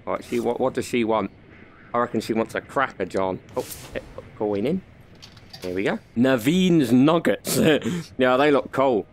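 A young gaming video host gives comic let's-play commentary on a VR horror game, speaking at a moderate pace in a medium-pitched voice with a little hiss or hum. His banter is crude and joking, broken up by frequent laughs.

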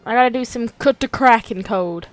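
A young woman giving casual, excitable gameplay commentary, swearing freely and talking to the characters on screen. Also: a little high, normal speed, no echo. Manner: excitable, swears a lot, talks to the game characters. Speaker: let's play host.

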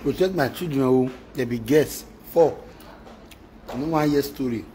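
A Nigerian-accented man with a warm, mid-range voice delivers an emotional rant to his wife at normal speed. He repeats himself and mixes in Pidgin exclamations. The low-quality recording has a little hiss or hum.

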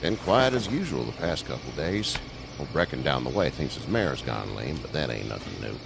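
An actor playing a wary but kind older male farmer who talks in a slow, folksy, measured way, from a video game. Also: rumbling low, big pitch swings, vocal fry, heavily acted. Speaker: farmer offering shelter. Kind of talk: game voice acting. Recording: game audio with loud cricket noise. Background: crickets and night ambience.

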